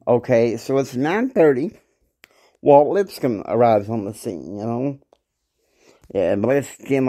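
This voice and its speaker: A man's voice: medium pitch, mellow. A man casually retelling a story in a rambling way with lots of filler words. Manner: rambling, many fillers and restarts.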